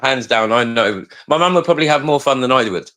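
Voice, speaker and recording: A man's voice: mid-range voice, lively intonation, fast talker, pushed and bright, poor audio. A man with a Cockney accent, chatting casually on a live stream and repeating words as he thinks. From England.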